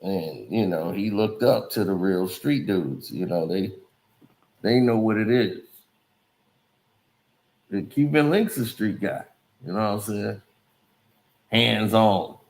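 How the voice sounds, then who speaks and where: Low-voiced man rambling in a roomy space. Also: slow pace, creaky, pauses often, darkish tone. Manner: loose, rambling street talk. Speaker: commentary channel host. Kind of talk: casual commentary. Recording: roomy echo.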